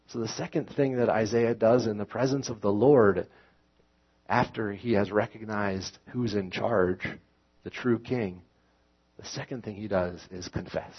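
A man's voice: lowish voice, steady tone, a little slow, breathy edge, highs cut off. A man preaching a sermon in a conversational, self-correcting way, rising into emphatic scripture reading. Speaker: pastor.

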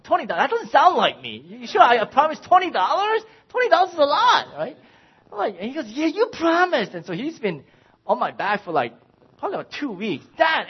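A man in his forties preaching a sermon as a pastor, telling stories with lively swings in his voice. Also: husky. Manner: animated storytelling, pitch rising and falling widely. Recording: dull lo-fi sound.

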